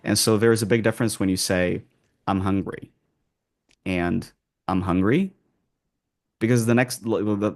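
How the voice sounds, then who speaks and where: A man working as an accent coach, answering interview questions in a calm, measured way, with pauses and frequent restarts. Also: lowish voice, creaky.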